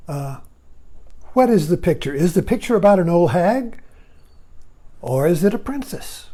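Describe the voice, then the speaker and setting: A man's voice: sits high, big pitch swings, unhurried, warm tone. A man giving a rambling, casual talk, chuckling often and breaking off mid-sentence. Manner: chuckling, digressive, self-interrupting. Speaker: speaker on Zen and irony.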